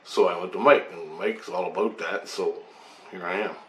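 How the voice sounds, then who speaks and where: A man's voice: sits low, moderate pace. A man casually telling a personal story in a loose, rambling way, with swearing and asides. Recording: roomy echo, faint background hum.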